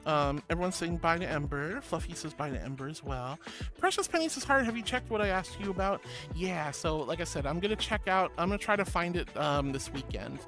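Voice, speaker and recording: A woman's voice: lowish voice, expressive, brisk. A woman streamer chatting casually and reading viewer comments aloud, bubbly, giggly and affectionate. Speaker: streamer host. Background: background music.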